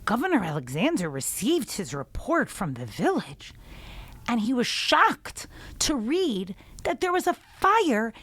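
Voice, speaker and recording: A woman teacher tells a children's story and gives a Torah lesson with expressive animation. Her voice is fairly high and moves up and down a lot. She speaks slowly in a dry, close recording. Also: no echo.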